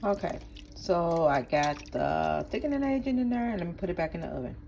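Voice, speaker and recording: A woman's voice: lowish voice, very animated, fairly quick, darkish tone, a little hiss or hum. A woman talking casually through her home cooking, step by step, as a regular cooking vlogger. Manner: chatty, talks viewers through each step. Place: home kitchen. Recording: kitchen clatter of pots and dishes behind.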